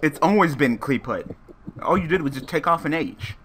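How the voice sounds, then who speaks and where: A man hosting a livestream, talking in a bright, animated voice that swings up and down. His manner is crude and joking, with frequent laughter. The chat is loose and casual. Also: a little high, moderate pace, a little hiss or hum. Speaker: livestream host.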